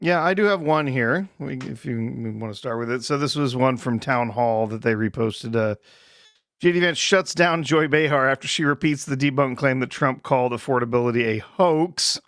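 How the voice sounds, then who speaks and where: A male co-host chimes in easily, teasing and laughing along in a relaxed way. His voice is mid-pitched and close-miked in a dry space. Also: no echo. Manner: laid-back, joking, quick to laugh. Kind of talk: casual live-stream chat.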